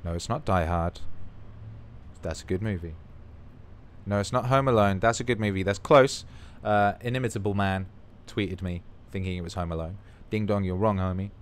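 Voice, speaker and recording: A man from the United Kingdom hosts a livestream, his voice sitting low at a moderate pace. He reads out viewer comments in a rambling, playful, profane chat.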